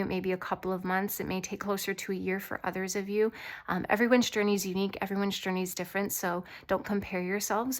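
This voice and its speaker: A woman with a light voice giving an intuitive tarot reading to her viewers, earnest, reassuring and gently rambling. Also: mid-range voice. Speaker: tarot reader.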